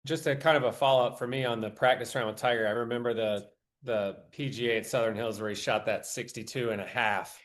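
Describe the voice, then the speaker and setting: A man's voice: medium pitch, steady tone, brisk, hardly any pauses, fairly bright tone. A man hosting a golf podcast, asking a loose, meandering follow-up question in casual interview talk. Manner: rambling, searching follow-up questions. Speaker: podcast host.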